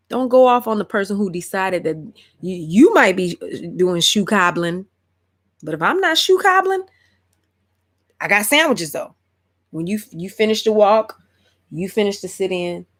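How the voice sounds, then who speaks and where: A woman chatting casually on a live stream, reading out viewer comments. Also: medium pitch. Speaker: livestream host.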